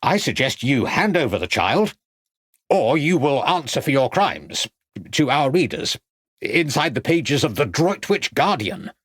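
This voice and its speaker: A man's voice: medium pitch, sing-song, measured pace, fairly bright tone, husky, no room sound, studio quality, pitched above the performer's own voice, heavily acted. A man voicing a pompous, gallant small-town journalist with a formal way of speaking.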